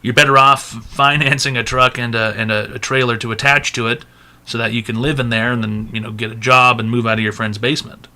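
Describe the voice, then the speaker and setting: A man with a very bright, forceful voice hosts a casual online advice stream. His pitch sits in a middling range, and he talks bluntly with crude jokes. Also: steady tone, fairly quick. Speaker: advice show host. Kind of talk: casual livestream chat.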